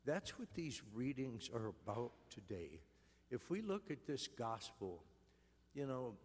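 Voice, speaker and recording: A man, a priest, giving an earnest, gentle homily in a church. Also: medium pitch, big-room sound.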